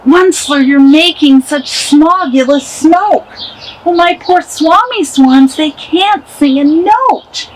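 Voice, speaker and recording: A woman's voice: high-pitched, lively intonation, slow pace, slight background noise, pitched above the performer's own voice, rough recording. A woman voicing a small, grumpy male forest creature who scolds indignantly, in a storybook read-aloud. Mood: scolding.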